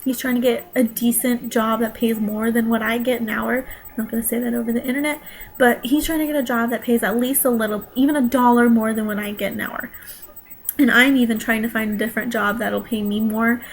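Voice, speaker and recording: A woman's voice: on the high side, steady tone, fairly quick, slight background noise, rough recording. A young woman vlogging from home, talking straight to her viewers in a defensive, emotional rant, close to tears at times. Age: young adult.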